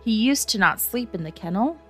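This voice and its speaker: A woman's voice: medium pitch, normal speed, soft background music, natural voice. A woman voicing a prim, know-it-all young schoolboy in a storybook reading.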